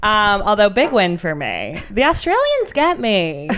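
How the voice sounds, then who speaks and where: A playful woman co-hosts a chatty podcast, her voice swooping freely up and down. The tone is smooth and clear, and she giggles and jokes between points. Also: mid-range voice, wildly swooping pitch, measured pace, a bit bright. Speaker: podcast co-host. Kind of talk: casual chat.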